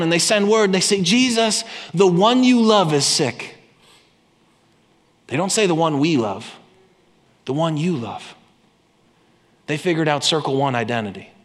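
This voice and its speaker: A man preaching a sermon with impassioned delivery, swinging between loud emphasis and quiet intensity. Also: a little high. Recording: long hall reverb.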